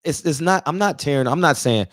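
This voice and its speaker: A man's voice: on the high side, lively intonation, a little fast, dry recording, clean studio sound. A man in his forties, emotional and near tears, delivering an emphatic, preachy casual monologue that repeats points for emphasis. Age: 40s. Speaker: barbershop talk show regular.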